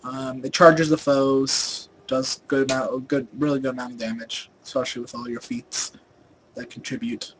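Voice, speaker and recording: A man's voice: mid-range voice, flat delivery, moderate pace, a little hiss or hum, poor audio. A young man casually talking through a game guide over his screen, rambling with lots of fillers and restarts, his volume rising and falling. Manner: volume rises and falls a lot. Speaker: gaming video host.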